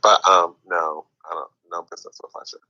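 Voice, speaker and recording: A man's voice: deep voice, flat delivery, fairly quick, sharp tone. A man moderating a casual online group chat, chatty and teasing, laughing often. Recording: lo-fi app audio.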